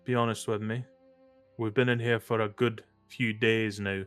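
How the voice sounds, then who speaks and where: A man's voice: on the low side, little pitch movement, normal speed, a bit bright, clean tone, no echo, soft background music, lightly acted. A man voicing a frightened, exhausted townsman who is on edge, pleading and raising his voice. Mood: wary. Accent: Scottish-ish put-on.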